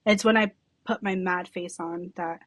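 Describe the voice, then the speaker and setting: A woman's voice: fairly low pitch, moderate pace, no echo. Sarcastic, swearing salon boss woman. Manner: sarcastic, animated storyteller, swears freely. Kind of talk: casual podcast chat.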